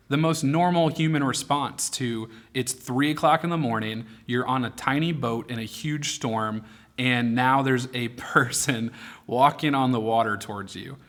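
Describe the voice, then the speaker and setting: A man gives a youth sermon in a relaxed, conversational tone. He tells the scripture story with lively, animated quotes, and his voice sits at an ordinary middle pitch. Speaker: youth pastor. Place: online youth ministry broadcast.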